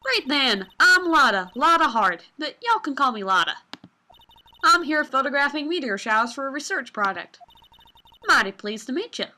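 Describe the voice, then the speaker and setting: A woman's voice: sits high, big pitch swings, normal speed, bright, forceful tone, a little hiss or hum, full character voice. A woman doing a brash Southern drawl gal. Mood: friendly. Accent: Southern US drawl, put on. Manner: blustering, folksy, scolding. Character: loud brash Southern woman photographer, pushy. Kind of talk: fan voice-over of a game.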